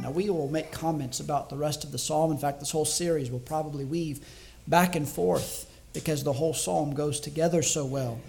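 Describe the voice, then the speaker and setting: Slightly high-voiced man preaching a sermon. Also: creaky, darkish tone. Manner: reflective and measured, slowing down to stress key words; thinks aloud with small restarts. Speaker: evangelist preaching to a congregation.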